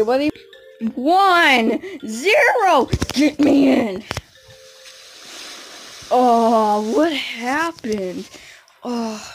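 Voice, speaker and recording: A woman's voice: fairly high pitch, darkish tone, low-quality recording. A woman hosting a gaming channel, giggling and cracking random jokes while she plays. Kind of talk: casual gameplay commentary.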